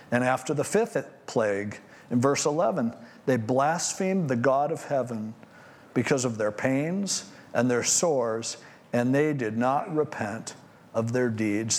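A man pastor preaching a conversational sermon on scripture, animated and acting out what people might say. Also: on the high side.

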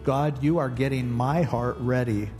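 A man's voice: medium pitch, fairly even intonation, unhurried, a little mellow, faint music behind. A man, a pastor, teaching a Bible passage in a casual, conversational way and voicing its lines as plain questions. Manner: paraphrases scripture in a casual, questioning voice. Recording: long hall reverb.

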